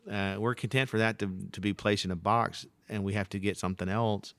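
A man who is a pastor, chatting on a podcast and telling stories in an animated, rambling way. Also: fairly low pitch, a little fast, smooth, dry recording. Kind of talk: casual podcast conversation.

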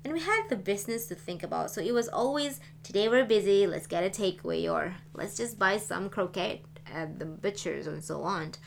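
Woman reading a talkative young girl, frank and lively, ordinary pitch. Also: moderate pace, creaky, few pauses, a little hiss or hum. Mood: chatty. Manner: animated, talkative. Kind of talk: audiobook reading.

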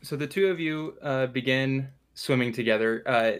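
Male game master narrating a tabletop game, relaxed and descriptive. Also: medium pitch, normal speed, clean tone. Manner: loose, descriptive, with fillers and restarts.

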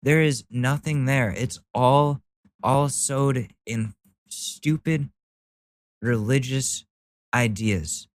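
A man's voice: medium pitch, very slow, no echo. A man ranting sarcastically in commentary, exasperated and heavily profane as he mocks the posts he reads. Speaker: political commentary vlogger.

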